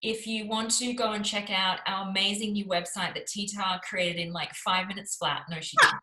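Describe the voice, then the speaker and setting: A woman's voice: mid-range voice, fairly even intonation, normal speed, sharp tone, reverberant, poor audio. A woman co-hosting a casual live chat, upbeat and chatty with many fillers. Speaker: co-host.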